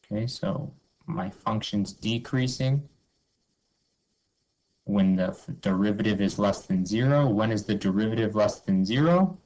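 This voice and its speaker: On a rough recording, a man with a fairly low, slightly mellow voice runs through a math review lesson. He's upbeat and informal, walking through each step, asking himself questions and answering them, and saying "okay" and "cool" a lot.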